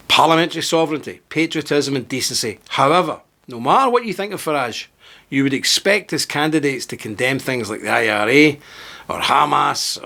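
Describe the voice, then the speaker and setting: A man's voice: gravelly, a bit bright. A man hosting his own video channel, giving a heated, emphatic monologue to camera and reading part of it from a script. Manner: emphatic, indignant, with sudden rises in pitch; partly reading aloud from a script. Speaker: political video host.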